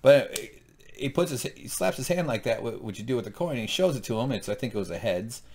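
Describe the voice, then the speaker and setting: A man's voice: medium pitch, slight background noise. Guy chatting thru a tv recap, jokey, voice jumps all over the place, acts out the scenes. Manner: lively, jokey, acts out scenes in quick bits. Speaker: co-host reviewing a TV episode. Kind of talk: casual review chat.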